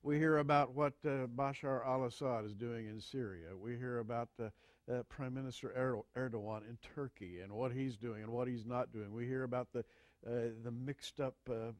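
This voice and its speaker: A man hosting an interview, asking measured, halting questions. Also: medium pitch, darkish tone, no room sound. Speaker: host.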